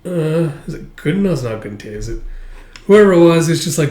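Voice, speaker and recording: Man, casual comic recap, rambling, fillers, higher voice, roomy echo. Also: sing-song, moderate pace, darkish tone. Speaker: manga reviewer.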